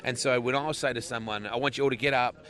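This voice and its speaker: An Australian man in his forties talks through a relaxed interview, joking and laughing often. His voice has a bright, forceful ring at a middle pitch. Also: quick pace. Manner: laughs often, easygoing and jokey. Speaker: race announcer, interview guest. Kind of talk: casual interview chat.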